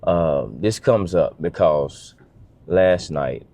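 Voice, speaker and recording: A man's voice: low-pitched, animated, extremely slow, gravelly, dark tone. A man telling a heartfelt family story as a father in a casual vlog, earnest and emotional, often restarting his sentences.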